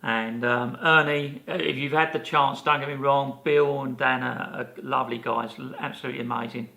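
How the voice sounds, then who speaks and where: A creaky, mid-range voice at moderate pace belongs to a podcast co-host in his fifties. He's telling a lively anecdote during casual chat, acting out the people he quotes.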